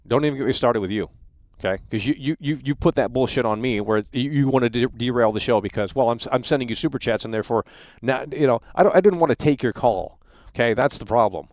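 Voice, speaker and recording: A man's voice: medium pitch, quick pace, darkish tone, no echo. Angry, profane male livestream host. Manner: heated, profane, repeats and stumbles over words. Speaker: live stream host.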